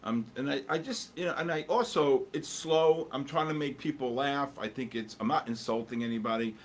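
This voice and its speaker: A male stream host of middling pitch rambles in loose, joking talk, answering chat between market calls. A faint hum of ambience sits behind him. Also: brisk. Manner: rambling, jokey, answers chat while watching charts. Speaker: livestream host. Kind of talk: casual live market commentary.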